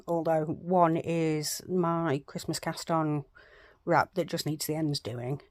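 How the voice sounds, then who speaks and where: A woman's voice: low-pitched, steady tone, takes it slowly, darkish tone, no echo. Chatty woman with a dry, close sound. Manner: chatty, self-deprecating, rambling with fillers. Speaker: craft vlogger. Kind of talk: casual chat to camera. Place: home craft room, indoors.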